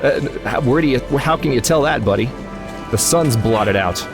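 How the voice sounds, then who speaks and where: A man's voice: medium pitch, expressive, normal speed, gravelly. A man hosting a let's play, rambling through gaming commentary and grumbling at the game in exasperated asides. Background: game music.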